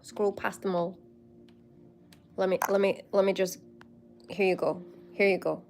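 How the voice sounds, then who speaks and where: A woman's voice: medium pitch, level tone, unhurried, creaky, a little mellow, slight background noise. A Scottish woman hosting a casual livestream, bubbly and laughing often as she chats to viewers by name. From Scotland. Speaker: livestream host. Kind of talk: casual live chat with viewers.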